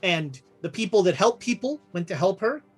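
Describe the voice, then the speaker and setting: A woman running a tabletop horror game as game master, laughing often and voicing townsfolk with big pitch jumps. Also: animated, normal speed, husky, faint music behind.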